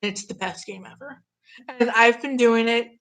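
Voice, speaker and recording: A woman's voice: a little high, normal speed, fairly bright tone. A young woman in her twenties, getting over an illness, chatting casually on a live stream, gushing and reading out viewer comments.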